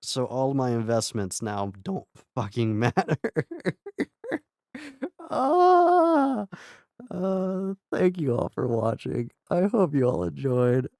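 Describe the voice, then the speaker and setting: Young male streamer, mid-pitched, dry close sound; rambly and profane, prone to laughing yells. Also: lively intonation, unhurried, hardly any pauses, dry recording. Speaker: game streamer. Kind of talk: casual live-stream wrap-up commentary.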